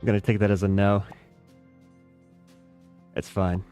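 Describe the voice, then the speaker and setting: A man's voice: lowish voice, flat delivery, measured pace, warm tone, clear, resonant tone, soft background music. An American man chatting casually with his live chat while playing a strategy game, rambling and self-deprecating. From United States. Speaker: game streamer.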